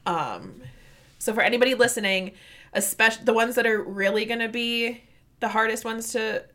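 This is a woman in casual conversation whose voice sits a little high. She talks with emphatic, animated energy, ranting and circling back to hammer her point home. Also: normal speed. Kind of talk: casual chat.

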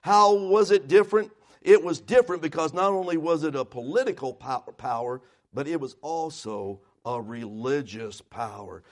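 A man's voice: on the high side, moderate pace. A man preaching a sermon, emphatic and asking the congregation questions as he goes.

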